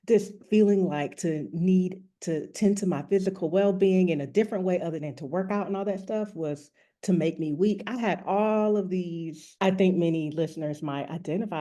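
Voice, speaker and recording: Woman rest coach as interview guest, low warm voice, reflective and frank about her own story. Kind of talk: candid personal storytelling in an interview.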